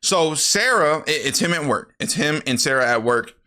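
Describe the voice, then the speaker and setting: A man telling a movie recap straight off the top of his head, tired after work, rambling and swearing, often doubling back to fix the order. His voice is bright and a touch high for a man. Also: expressive, moderate pace. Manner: rambling, profane, self-correcting. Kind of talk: casual storytelling recap.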